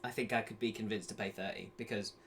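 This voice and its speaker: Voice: medium pitch, fairly even intonation, fast, a bit bright. A co-host in casual chat, weighing things up with hesitant fillers. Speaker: podcast co-host. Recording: faint background noise.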